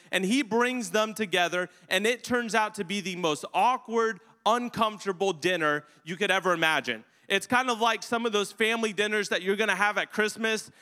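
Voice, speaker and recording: A man delivers a sermon in a relaxed, joking storyteller's manner. His voice sits high and sounds bright and forceful. The hall around him rings with long reverb. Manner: casual storytelling with humor. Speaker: pastor.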